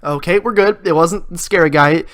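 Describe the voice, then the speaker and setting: A man's voice: on the high side, normal speed, a bit bright. A man hosting a let's play, reading game dialogue aloud and making goofy, sarcastic jokes. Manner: goofy, sarcastic, joking asides.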